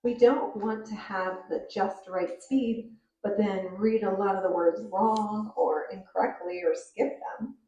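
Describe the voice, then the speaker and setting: A woman teacher explaining reading fluency in a clear, measured way and reading a story aloud to show it. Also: medium pitch, fairly even intonation, warm tone, lo-fi sound. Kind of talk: reading instruction with read-aloud demos. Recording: roomy, distant recording.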